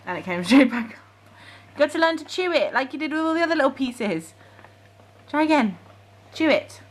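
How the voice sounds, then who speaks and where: A young mother and family vlogger from Cheshire, England, chats to camera at home while feeding her son, using coaxing baby talk to get him to chew between asides to viewers. Her voice is high and lively, a little fast, and the audio quality is poor.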